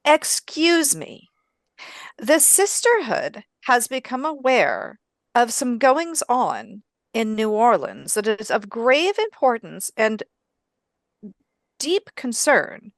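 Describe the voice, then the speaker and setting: A stately, earnest nun voiced by a woman in a tabletop role-play. She speaks in a raised, measured tone, slow and formal. The sound is close and dry. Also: fairly high pitch, very animated, dry recording, pitched above the performer's own voice, full character voice. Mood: grave, formal. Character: bold middle-aged nun, formal and earnest.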